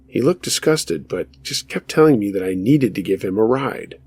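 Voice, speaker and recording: A male host reading true scary stories aloud in scripted narration, steady and measured. His low voice has a gravelly, husky texture that gives each line a rough grain. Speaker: horror story narrator.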